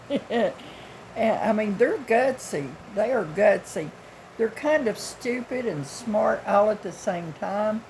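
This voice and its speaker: A woman's voice: mid-range voice, lively intonation, slow, darkish tone, a little hiss or hum, rough recording. A woman in her sixties from the United States, telling a story in a casual, blunt, folksy way with occasional chuckles. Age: 60s. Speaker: vlogger.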